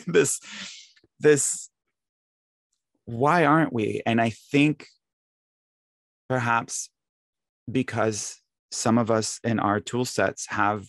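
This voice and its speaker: A man's voice: mid-range voice, slow pace, pauses often, no room sound, clean studio sound. A young man giving an off-the-cuff Sunday spiritual talk, conversational, breaking into exasperated quoted voices.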